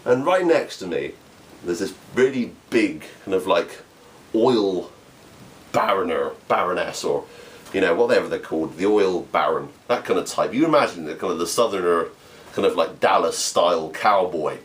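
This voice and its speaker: Young English man, amateur stand-up; animated delivery with lively pitch, quick laughs, restarts. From England. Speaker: amateur comedian. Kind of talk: storytelling comedy monologue.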